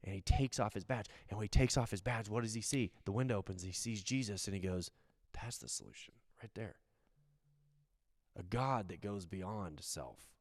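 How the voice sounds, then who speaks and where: A man preaching a sermon as a pastor, in earnest, swinging from hushed low lines to raised ones. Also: fairly quick. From United States. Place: church.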